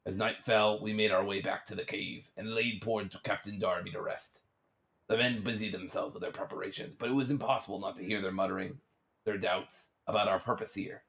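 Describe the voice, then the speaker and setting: A man in a put-on pirate accent voicing a solemn old-time pirate captain as he reads journal entries aloud in a low, formal way. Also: fairly even intonation, fairly bright tone. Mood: grave. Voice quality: low, measured and grandly formal.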